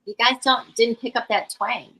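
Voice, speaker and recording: This woman is a guest on a casual live stream chat. She has a bright but husky voice and a teasing, giggly manner, laughing between her remarks. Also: fairly high pitch, fairly even intonation, moderate pace, low-quality recording. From Chicago area, USA.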